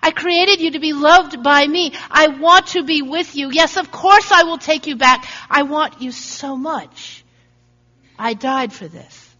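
A woman speaking as God calling His people back in love. She pleads earnestly in a bright, high voice. A long hall echo sits over a muffled recording. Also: unhurried. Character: loving longing God. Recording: dull recording in a reverberant hall.

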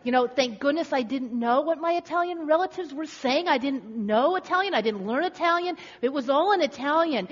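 A woman's voice: sits high, animated, brisk, few pauses. A woman preacher giving a dramatic, rhetorical sermon with building emphasis. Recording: echoey hall, slightly dull.

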